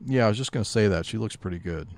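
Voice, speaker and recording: A man's voice: lowish voice, very fast, a little mellow. A man co-hosting a podcast who chimes in and agrees in a laid-back casual chat. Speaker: podcast co-host. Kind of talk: casual comic review chat.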